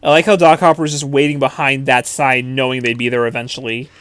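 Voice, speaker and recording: A man's voice: medium pitch, level tone, fast, fairly bright tone, clear, resonant tone, no echo. A young man co-hosting a casual movie commentary, chatty and wry, giving opinions with small hesitations.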